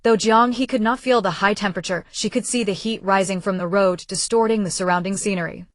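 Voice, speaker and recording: A woman narrating a translated web novel as an audiobook, reading in an even, steady manner. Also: mid-range voice, a little fast, no room sound.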